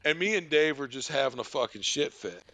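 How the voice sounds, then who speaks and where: Man, podcast host, swearing storyteller, lively ups and downs, dry close sound. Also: mid-range voice, brisk, no room sound. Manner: animated, swearing, laughing. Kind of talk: profane comic storytelling.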